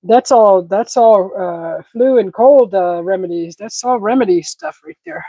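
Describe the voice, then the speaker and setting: A woman's voice: mid-range voice, expressive, unhurried, warm tone, no echo, lo-fi sound. A woman hosting a casual live cooking stream, sniffling from a stuffy head cold and chatting with viewers as she cooks. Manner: chatty, reads viewer comments aloud while cooking. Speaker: cooking livestream host.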